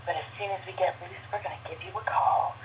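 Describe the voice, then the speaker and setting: A woman voicing a steamy, flirtatious divorced mother, breathy and whispery with heavy innuendo, over a phone line. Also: fairly low pitch, steady tone, quick pace, very noisy, natural voice. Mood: teasing. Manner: sultry innuendo. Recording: dull speakerphone line.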